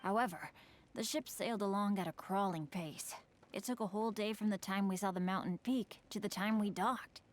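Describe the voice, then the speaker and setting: A woman voicing a game character who narrates an account in a measured, storytelling way. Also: medium pitch, natural voice. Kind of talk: scripted narration.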